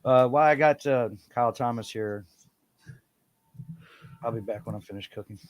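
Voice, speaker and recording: A man's voice: medium pitch, normal speed, no room sound. A man co-hosting a casual talk show, rambling and swearing freely as he tells stories. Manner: crude, rambling, swears often. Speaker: podcast co-host. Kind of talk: casual chat.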